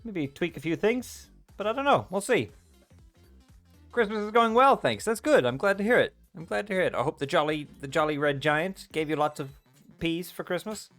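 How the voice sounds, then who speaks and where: A man's voice: on the high side, expressive, moderate pace, a bit bright, soft background music. A young man hosting a livestream, chatting casually with viewers and reading their comments aloud with a playful, joking manner. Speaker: livestream host. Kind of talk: casual chat with live viewers.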